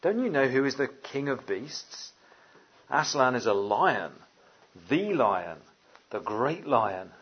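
A man's voice: medium pitch, very animated, slow pace, a little hiss or hum. Guy doing a stubborn talking beaver from a storybook, swoopy delivery, dull lo-fi sound. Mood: insistent. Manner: emphatic storybook reading. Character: gruff blustering male beaver, insistent.

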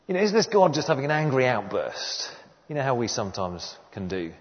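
A man's voice: medium pitch, very animated, a little fast. A man preaching a sermon in an earnest, emphatic way, repeating key phrases for weight. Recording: dull sound with long hall reverb.

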